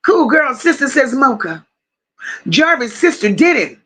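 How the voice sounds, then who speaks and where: A woman hosting a casual livestream, slowly greeting viewers by name and reading their comments aloud. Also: high voice, sing-song. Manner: warm drawn-out greetings with endearments. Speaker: livestream host.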